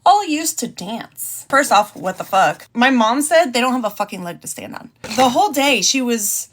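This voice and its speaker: A woman's voice: fairly high pitch, lively intonation, moderate pace, fairly bright tone, a little hiss or hum. A young woman hosting a podcast, bluntly telling an emotional personal story and swearing freely. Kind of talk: candid storytime monologue.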